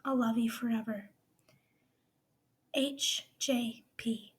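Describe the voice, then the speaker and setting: A woman reading aloud a farewell letter from a heartbroken young man, softly and half whispered. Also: on the high side, fairly even intonation, slow, husky. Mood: sorrowful.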